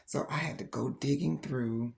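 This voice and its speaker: A woman's voice: extremely low pitch, normal speed, gravelly. A middle-aged woman who has grandchildren, telling a personal story in a casual doll-collecting vlog with frequent laughter. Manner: animated storytelling, laughs often. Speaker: reborn doll vlogger.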